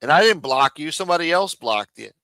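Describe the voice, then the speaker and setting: A man's voice: a little high, animated, a little fast, pushed and bright, no echo. A man hosting a live stream in a casual, profane rant, with many fillers, repeated phrases and muttered asides.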